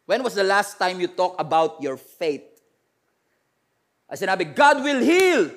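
A middle-aged pastor with a Filipino accent preaches in a bright, high voice. He switches between Filipino and English and keeps drawing answers from his congregation. At times he builds up to forceful shouts. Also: moderate pace. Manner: preaching with call-and-response, rising to shouts. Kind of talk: sermon mixing Filipino and English.

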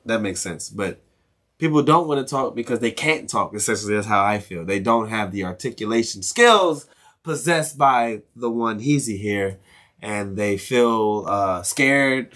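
A man's voice: fairly low pitch, lively intonation, unhurried, fairly bright tone. A young man from Maryland hosting a casual solo podcast, ranting with lots of swearing, restarts and chuckles. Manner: profane, rambling rant with frequent laughs. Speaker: podcast host.

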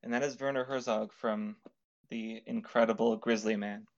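A man's voice: fairly low pitch, steady tone, moderate pace, vocal fry. A man co-hosting a podcast in casual chat, joking at his own expense and laughing often. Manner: self-mocking, laughs often. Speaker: podcast co-host. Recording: dull lo-fi recording.

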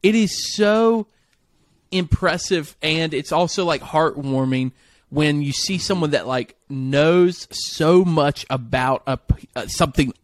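A young man co-hosting a casual podcast, playful and quick to laugh. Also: fairly high pitch. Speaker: podcast co-host.

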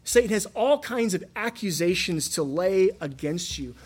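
A man in his thirties preaching a sermon, telling stories earnestly and asking his listeners rhetorical questions, shifting between loud and hushed. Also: sits high, expressive, normal speed, husky. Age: 30s. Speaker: pastor.

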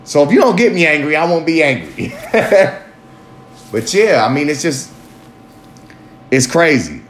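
A man in a casual personal monologue, candid and rambling, swearing freely and jumping up in pitch for emphasis. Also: big pitch swings, measured pace. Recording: echoey room with faint ambient noise.

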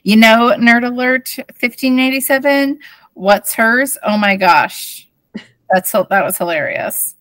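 A woman's voice: a little high, takes it slowly, fairly bright tone, no echo. A woman in her thirties co-hosting a podcast, giggling as she reads old teen notes aloud in casual chat. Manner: giggly, bubbly, laughs between lines. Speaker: podcast co-host.

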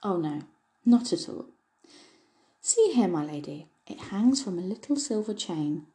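A woman's voice: fairly low pitch, big pitch swings, a little slow, warm tone, poor audio. A woman voicing a small, kind, mischievous male elf with a droll, chuckling way of talking, reading a storybook. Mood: confiding.

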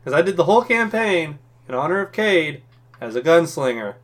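A man's voice: on the high side, very animated, moderate pace, a bit bright. A man co-hosting a casual gaming chat, cursing and joking while he acts out his reactions. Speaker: podcast co-host.

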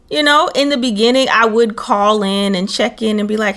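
Sassy, animated young woman podcaster. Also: medium pitch, moderate pace. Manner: animated storytelling, sassy asides. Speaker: podcast co-host. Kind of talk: casual chat.

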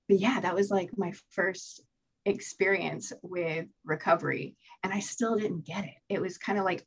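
A woman guest telling her own recovery story in an interview, candid and animated, swearing freely and acting out what she told herself. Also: fairly low pitch, moderate pace, husky. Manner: candid, animated storytelling with profanity and acted-out inner voices. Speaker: podcast guest.

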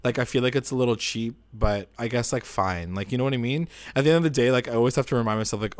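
A man's voice: mid-range voice, fast, few pauses, no echo. A man co-hosting a casual recap chat, rambling and opinionated, filling his talk with "like". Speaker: podcast co-host.

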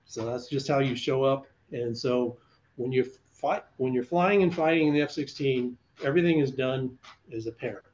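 An older man, a retired fighter pilot, tells stories in a conversational interview, animatedly acting out the voices of the people he quotes. His voice sits in the mid-range and moves at a moderate pace, though the recording has its highs cut off.

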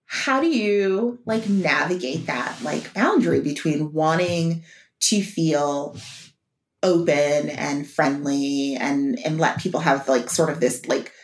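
A woman's voice: low-pitched, takes it slowly, roomy sound. A woman therapist in casual chat, talking loosely with many fillers and frequent laughter. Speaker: therapist co-host.

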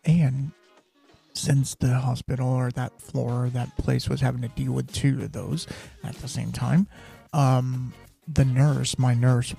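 A man's voice: mid-range voice, vocal fry, mellow. A man hosting a podcast, telling a personal story in a candid, rambling way and dropping to a whisper when he quotes his own thoughts. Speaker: podcast host.

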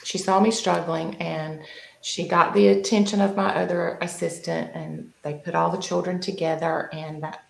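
Woman in her 50s, lowish gravelly voice, chatty podcast storytelling, roomy echo. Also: little pitch movement, normal speed. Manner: storytelling, with restarts and self-corrections. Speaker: podcast co-host. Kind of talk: casual podcast chat. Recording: echoey room.

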